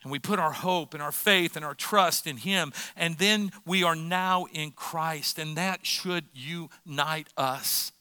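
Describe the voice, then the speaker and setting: A man's voice: fairly high pitch, slow, few pauses, sharp tone, smooth, dry recording. Man, middle-aged, pastor sermon, impassioned, dry close sound. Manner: impassioned, repeats phrases for emphasis.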